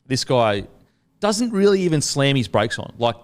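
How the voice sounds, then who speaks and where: Australian male host, casual storyteller, profane and animated. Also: medium pitch, normal speed. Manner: swearing, animated storyteller acting out quotes. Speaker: podcast host.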